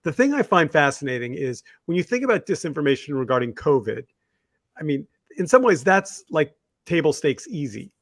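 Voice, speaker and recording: A man co-hosting a podcast, speaking in a somewhat raised pitch for a male voice. He tells reflective anecdotes in a rambling, conversational way, full of fillers and restarts. The sound is dry and close, with no room around it. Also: very animated, normal speed, dry recording. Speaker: podcast co-host. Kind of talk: casual discussion.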